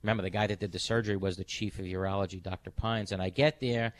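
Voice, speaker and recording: A middle-aged man hosting a radio show, telling a story in a casual, animated way and acting out the voices of the people in it. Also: sits low, quick pace. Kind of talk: casual on-air chat.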